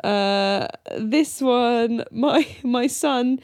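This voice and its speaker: A woman's voice: fairly high pitch, extremely slow, no echo, clean studio sound. A woman in her thirties co-hosting a podcast, laughing often as she tells stories in casual chat. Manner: laughs often, lively storytelling. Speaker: podcast co-host.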